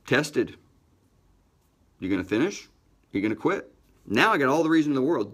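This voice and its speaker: A middle-aged man hosting a motivational podcast, telling a personal story with energy and emphatic shifts in pitch and pace. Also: sing-song, moderate pace, long pauses, fairly bright tone, husky.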